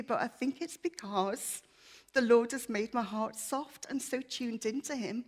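A woman's voice: on the high side, unhurried, darkish tone. A woman giving a personal testimony to a church congregation, candid, chatty and self-deprecating, earnest and emotional.

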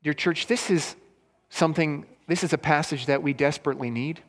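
High-voiced man preaching in a reverberant hall. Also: a little fast. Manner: storytelling, rises in pitch for quoted lines. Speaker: pastor. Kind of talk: sermon retelling a story for children. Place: church hall.

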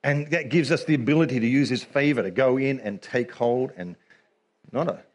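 A man preaching a sermon in an animated way. He laughs often and acts out little scenes as he talks. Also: medium pitch, normal speed.

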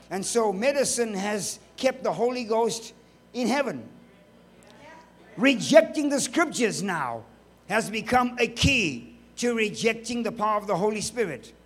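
High-voiced emphatic male preacher. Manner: emphatic, rhetorical questions, joking asides. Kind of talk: sermon.

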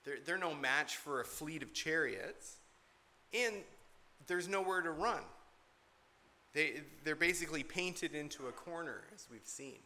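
A man's voice: a little high, a little slow, pushed and bright. A man preaching an expository sermon from the pulpit, earnest and emphatic, repeating key points to drive them home. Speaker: pastor.

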